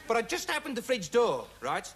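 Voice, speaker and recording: A rambling dim young investigator. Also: male voice, very high voice, a little fast, full character voice. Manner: rambling, pointless asides, deadpan. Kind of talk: comic monologue to camera. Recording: loud studio audience laughter, noisy broadcast. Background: studio audience laughing.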